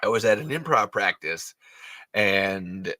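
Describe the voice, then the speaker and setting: Dude hosting a podcast, swears constantly, laughs a lot, bright voice, dry close sound. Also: male voice, lowish voice, slow pace, dry recording. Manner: animated, profane, laughs often, rambling restarts. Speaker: podcast host. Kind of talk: casual podcast chat.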